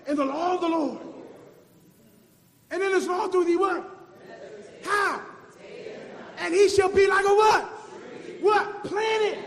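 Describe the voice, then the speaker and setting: A man preaching a call-and-response sermon, shouting and half-singing his lines. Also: very high-pitched. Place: church. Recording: echoey church hall with music and congregation.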